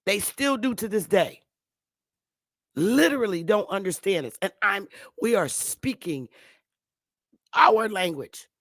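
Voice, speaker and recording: Middle-aged woman, talk show host, insistent livestream monologue, repeats for emphasis, mid pitch, dead-dry recording. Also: lively intonation, slow, long pauses, no echo. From Connecticut, United States.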